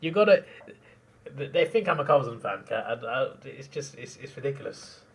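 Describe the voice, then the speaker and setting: An excitable young man reacts live to a finished football match. He often laughs and sometimes trails off into quieter mumbles, with a mid-pitched voice. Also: fairly quick, recorded from a distance.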